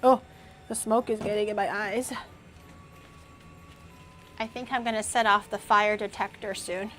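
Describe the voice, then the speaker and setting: A woman's voice: mid-range voice, fairly even intonation, unhurried, a bit bright, soft background music. A young woman chatting casually on a cooking livestream, thinking aloud and snapping back at her chat. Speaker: cooking streamer.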